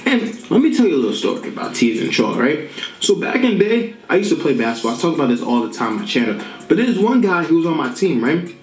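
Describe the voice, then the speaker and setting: A man giving dating advice to the camera in a playful, animated way, tagging "okay?" and "right?" onto his points. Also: a little high, fast talker, roomy sound, soft background music, poor audio. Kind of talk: instructional talk to camera.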